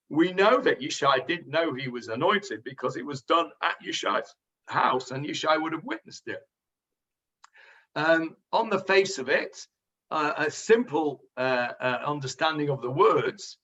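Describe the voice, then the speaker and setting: A rabbi leads a Bible class in a bright, forceful voice pitched a little high. He talks things through with frequent ums and restarts, and the recording sounds dull and lo-fi. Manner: thoughtful, hesitant with many fillers. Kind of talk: teaching and discussing with students.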